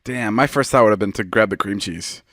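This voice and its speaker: A podcast host in casual chat who teases the guest with quick jokes and laughs often. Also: mid-range voice, no room sound, studio quality.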